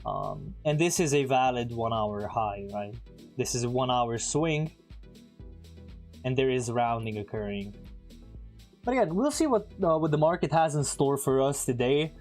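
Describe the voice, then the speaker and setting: A man's voice: medium pitch, expressive, darkish tone, soft background music. Chatty man streaming his trades live. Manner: chatty, talks to viewers directly, quick asides. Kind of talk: casual live-stream commentary.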